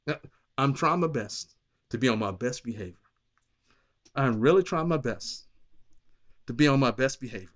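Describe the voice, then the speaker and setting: A man preaching a sermon with a lively, wide-ranging voice. He talks to the congregation in a relaxed, conversational way, then climbs into passionate exhortation. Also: mid-range voice, normal speed, long pauses. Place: Kansas City church or ministry.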